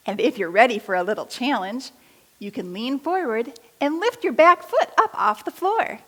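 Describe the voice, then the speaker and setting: A woman leading a kids' yoga class, giving slow, encouraging step-by-step instructions between story readings. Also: high voice, a bit bright. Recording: long hall reverb.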